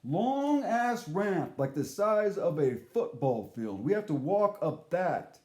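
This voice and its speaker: An animated man tells a rambling story, his pitch swinging high and low as he acts out the people in it. His tone is dark and mellow, and the room around him rings with echo. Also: a little slow. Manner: animated, profane, acts out voices he quotes. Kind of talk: casual storytelling monologue.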